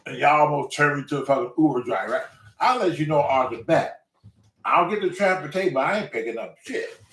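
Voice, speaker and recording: Older man in his sixties, animated and profane storytelling, lively pitch, roomy off-mic sound. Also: fairly quick, far from the mic. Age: 60s. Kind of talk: casual storytelling. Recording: roomy room, away from mic.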